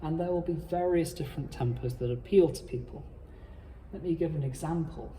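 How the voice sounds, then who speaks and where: A man explaining how to cantor psalms in a measured, formal instructional talk. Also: fairly high pitch, warm tone, long reverb tail, slight background noise. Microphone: playing his own accompaniment.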